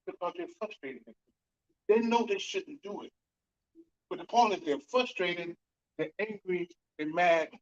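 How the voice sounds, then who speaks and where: A man giving an emphatic conference talk to an audience, with sudden bursts of loudness. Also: sits high, unhurried, pauses often, muffled recording. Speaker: conference speaker on fatherhood and reentry. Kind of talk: speech to an audience.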